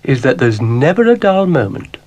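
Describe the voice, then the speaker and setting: A man's voice: mid-range voice, sing-song, moderate pace, a little mellow, lo-fi sound, pitched above the performer's own voice. A man doing a gushing, genteel lady cow. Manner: gushing, refined. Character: genteel motherly female cow.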